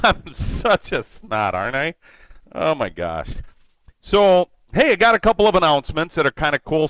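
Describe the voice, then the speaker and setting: A man's voice: on the high side, fairly bright tone, clear, resonant tone, no room sound, rough recording. Chatty man hosting a cooking stream. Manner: chatty, rambling, greets viewers by name while cooking. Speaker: live-stream cooking host. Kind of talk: casual live-stream cooking chat.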